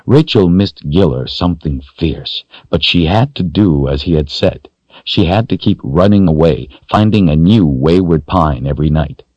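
A man narrating a children's story in a steady, measured storytelling voice. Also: deep voice, no echo. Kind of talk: audiobook narration. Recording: dull dry lo-fi recording.

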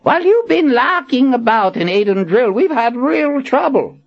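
A squeaky fussy old wizard. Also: male voice, very animated, normal speed, creaky, lo-fi sound, full character voice. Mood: fussy excited. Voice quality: high, thin, squeaky. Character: frail excitable old male wizard, fussy.

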